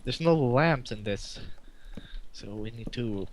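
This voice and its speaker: A man playing a game alongside a friend, speaking slowly in short, dry remarks. Faint noise hums behind his voice. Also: medium pitch, expressive. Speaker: co-player. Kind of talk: casual gaming chat.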